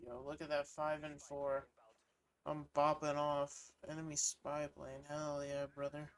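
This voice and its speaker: A man's voice: on the high side, completely flat delivery, a little slow, clean tone. A man streaming a shooter game, talking to himself in a goofy, sleepy way and swearing freely. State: sleepy, worn out. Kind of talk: casual gaming commentary.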